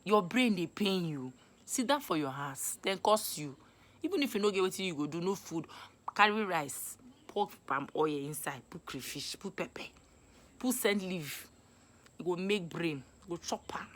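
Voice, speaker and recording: Young Nigerian woman, casual vlog monologue, animated and scolding, lowish voice. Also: moderate pace. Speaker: vlogger. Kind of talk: casual Pidgin advice monologue.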